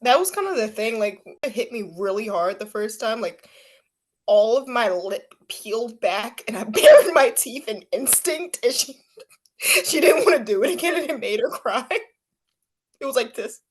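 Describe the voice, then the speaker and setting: Chatty young mom podcaster. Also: female voice, on the high side, normal speed, husky. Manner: chatty, many "like" fillers, animated when quoting. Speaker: podcast co-host. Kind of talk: casual chat.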